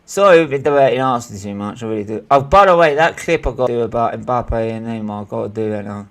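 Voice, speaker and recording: A man's voice: medium pitch, fast talker. A young man, hosting a casual live football watchalong, swearing freely and calling his friend "bruv". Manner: excitable, swears freely, says "bruv" a lot. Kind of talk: casual live match reaction chat.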